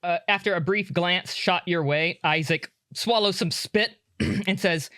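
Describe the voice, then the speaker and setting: A man's voice: high-pitched, unhurried, pushed and bright, no echo, clean studio sound. A man narrating a tabletop game as game master, loose and chatty, laughing often.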